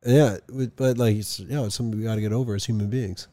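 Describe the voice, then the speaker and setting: A man's voice: fairly low pitch, steady tone, quick pace, mellow, dry recording, clean studio sound. A young man co-hosting a podcast in casual chat, rambling and swearing freely. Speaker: podcast co-host.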